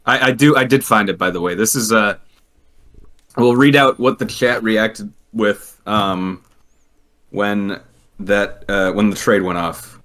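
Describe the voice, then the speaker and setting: A man chatting casually on a podcast, animated and quick to laugh as he tells a story. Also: fairly low pitch. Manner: animated, laughs often, trails into restarts. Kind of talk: casual hockey chat.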